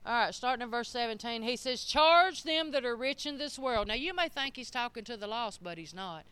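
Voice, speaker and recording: A middle-aged woman preaching a sermon in a church, emphatic and swinging up to shouted peaks. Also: a little high, animated, brisk, smooth, no room sound.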